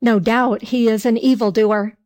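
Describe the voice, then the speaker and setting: A woman voicing a group of sly, whining innkeepers in a fairy tale, read slowly. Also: a little high, fairly even intonation, darkish tone, close to an everyday voice.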